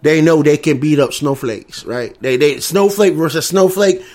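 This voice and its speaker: Southern US male, combative monologue, swears freely, repeats himself, slightly raised pitch. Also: moderate pace, a little mellow. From American South. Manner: combative, repetitive, profane. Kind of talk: ranting monologue.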